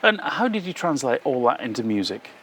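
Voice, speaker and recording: A man's voice: mid-range voice, big pitch swings, fairly bright tone, a little hiss or hum. A man interviewing a guest, listening closely and backing him up with short affirmations and laughs. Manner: attentive, affirming with quick "yes" and laughs.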